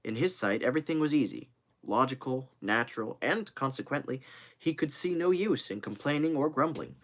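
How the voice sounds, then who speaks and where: A man reading a classic novel aloud live, expressive, with occasional slips and fillers. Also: medium pitch, normal speed. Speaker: reader.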